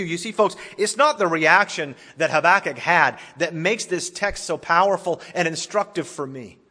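A pastor preaching a sermon, swinging dramatically from loud declarations to hushed tones. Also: male voice, on the high side. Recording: long reverb of a large hall.

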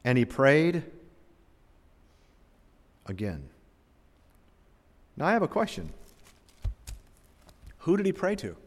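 A man preaching a sermon in a church, swinging between loud emphasis and quiet drops. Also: on the high side, big pitch swings, moderate pace, pauses often. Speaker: pastor. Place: church sanctuary. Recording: long church hall reverb.

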